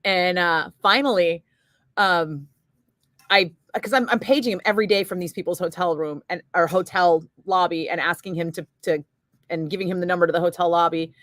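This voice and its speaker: A woman's voice: on the low side, moderate pace, fairly bright tone, no echo. Chatty woman radio DJ, dry sound. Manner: rambling, chatty, many filler words. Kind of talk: casual on-air storytelling chat. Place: radio studio.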